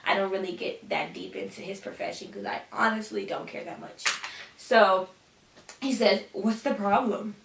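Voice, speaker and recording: A woman's voice: medium pitch, steady tone, moderate pace, creaky, far from the mic, background noise. A teenage girl telling a storytime vlog in a sassy, dramatic way, often calling people "honey". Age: teens. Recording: echoey room, voice a bit off-mic.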